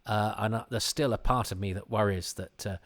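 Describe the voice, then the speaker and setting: Rambling man, lowish voice. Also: steady tone, a little fast, fairly bright tone. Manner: rambling and self-interrupting, frequent restarts. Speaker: commentator on a classic TV episode. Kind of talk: casual commentary chat.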